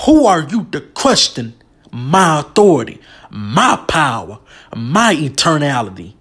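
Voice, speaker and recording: A man voicing God as a mighty, stern male figure, screaming out challenging questions. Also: fairly high pitch.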